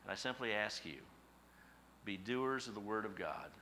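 A middle-aged male pastor delivers a sermon in a bright, forward voice. He leans on homespun stories and asks his listeners questions as he goes, with a faint hiss of noise behind him. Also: fairly low pitch, lively intonation, moderate pace, pauses often. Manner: folksy storytelling with rhetorical questions.

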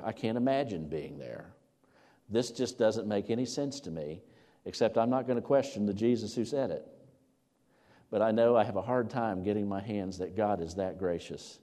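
A man preaching a sermon in an earnest voice that climbs to loud, emphatic peaks on scripture. His tone is warm and mellow and sits a little low. A long hall reverb trails each phrase. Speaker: pastor.

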